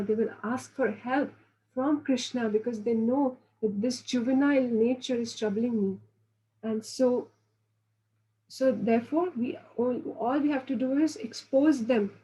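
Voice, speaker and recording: A woman delivers an earnest devotional lecture in a fairly high but mellow voice. She teaches patiently, often restarting her phrases and slipping into the voices of the people she quotes. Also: rough recording. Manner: earnest, instructive. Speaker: spiritual teacher.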